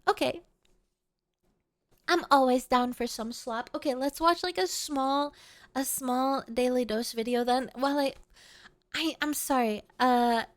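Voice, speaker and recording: A VTuber streamer chats casually with her viewers from home, playful, giggly and rambling. Her voice is high and she talks a little slowly, with long pauses.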